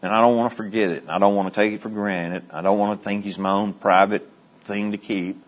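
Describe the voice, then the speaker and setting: A middle-aged man teaching a Bible study, moving from quiet asides to high, excited storytelling. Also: fairly quick.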